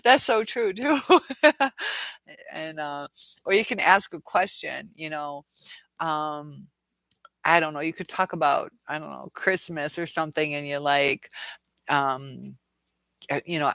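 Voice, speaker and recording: A woman's voice: sits low, unhurried, creaky, a bit bright, no echo. A woman hosting a casual live stream, answering viewer comments in a chatty way, laughing often, with many fillers and restarts.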